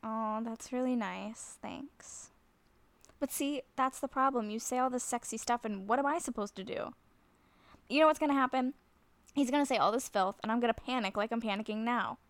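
Flustered woman in an audio role-play, nervous and self-conscious, with a fairly high voice and a dry, close sound. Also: moderate pace, dry recording. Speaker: nervous woman talking to a friend on the phone.

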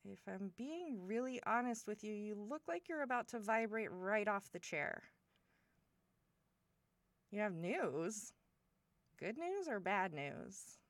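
A woman's voice: medium pitch, no room sound. A woman performing a one-sided audio role-play as a friend's older sister, teasing and affectionate toward a silent listener.

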